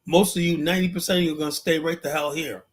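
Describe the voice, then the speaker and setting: Impassioned man, slightly high. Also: steady tone, fast. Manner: impassioned, repetitive, rhetorical, searching for words. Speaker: political commentary streamer. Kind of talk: livestream monologue.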